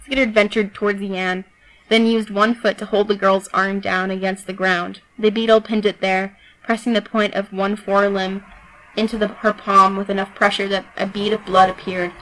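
A woman reading a story aloud as narrator, with a steady, even delivery. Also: medium pitch, normal speed, poor audio. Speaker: audiobook narrator. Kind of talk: scripted narration.

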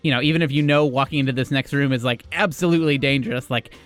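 A man's voice: medium pitch, faint music behind. Man narrating a tabletop game. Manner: measured storytelling, then thoughtful rambling with fillers. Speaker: game master. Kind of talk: scripted narration and casual chat.

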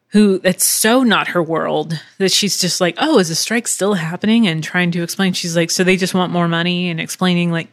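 A woman hosting her own podcast from home, talking loosely, with lots of fillers and the odd curse. Her voice sits a touch low. The sound is dry and close, with no room echo. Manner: rambling, filler-heavy, swears freely. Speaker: podcast host and voice actor. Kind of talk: casual solo podcast chat.

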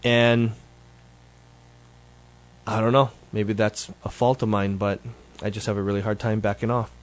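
A man's voice: fairly low pitch, little pitch movement, measured pace. A man hosting his show, giving a casual, rambling update that is full of self-corrections. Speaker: show host.

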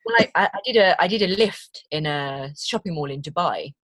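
A British woman who works as a voice actor chats through an interview in an animated way. Her voice sits a little low and has a husky edge. The sound is dry and close. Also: brisk, no room sound. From Britain. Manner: chatty, animated storytelling with quoted voices. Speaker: voice actor guest. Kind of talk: conversational interview.

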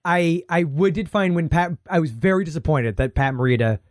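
An American man co-hosting a podcast, rambling in casual chat and slipping into quick playful impressions. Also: fairly high pitch, dry recording, studio quality. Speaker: podcast co-host.

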